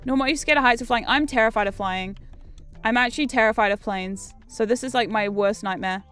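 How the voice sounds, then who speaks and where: A woman giving casual game commentary as a streamer. She gets excitable, swears often and jumps into squeals. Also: fairly high pitch, fairly quick, clean tone, soft background music. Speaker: VTuber streamer.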